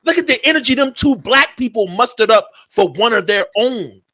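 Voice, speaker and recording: A man's voice: very high voice, expressive, moderate pace, sharp tone. A man hosting a talk radio show, speaking in a heated, profane commentary and repeating his points.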